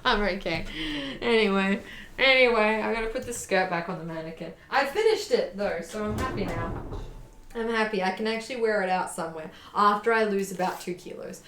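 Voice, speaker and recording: A young woman with an Australian accent, chatting live with her viewers while she works on a sewing project. She talks in a loose, self-mocking way and laughs often. Her mid-pitched voice carries a noticeable echo from the room around her. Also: brisk, fairly bright tone, soft background music. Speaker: sewing streamer. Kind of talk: casual live-stream chat while sewing.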